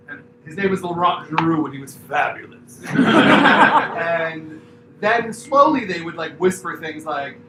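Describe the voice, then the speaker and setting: A middle-aged man with a high voice tells a story at a memorial, animated and quick to laugh, loose with his "like"s. He sounds distant from the mic in an echoing room, with steady noise behind him. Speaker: former talent agent giving a memorial tribute. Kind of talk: anecdotal eulogy storytelling. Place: indoor memorial gathering.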